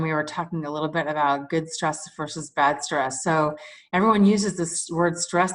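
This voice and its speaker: A woman's voice: on the low side, fairly bright tone. A middle-aged woman hosting an interview over a video call, upbeat and welcoming as she leads the conversation. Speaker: host.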